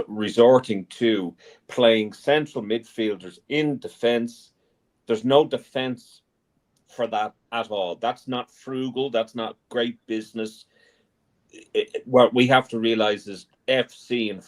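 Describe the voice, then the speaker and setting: A man, a guest on a casual fan podcast, earnest and emphatic. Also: lowish voice.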